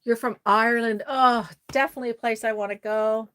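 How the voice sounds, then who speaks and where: A woman's voice: a little high, fairly even intonation, a little fast, fairly bright tone. A woman from Nova Scotia, chatting casually on a live stream, rambling and reading out viewer comments as she works on a doll. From Nova Scotia, Canada.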